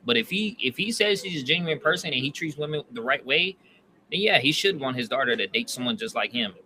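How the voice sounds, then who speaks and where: Bright-voiced, rambling podcast man. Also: on the high side, animated, brisk, slight background noise. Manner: rambling, hesitant, full of "like". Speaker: podcast co-host. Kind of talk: casual comedic chat.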